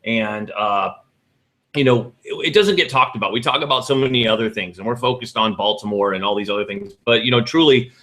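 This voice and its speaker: This middle-aged podcast co-host has a lowish, slightly bright voice and talks a little fast. He chats casually on the show, rambling along with lots of restarts and self-corrections.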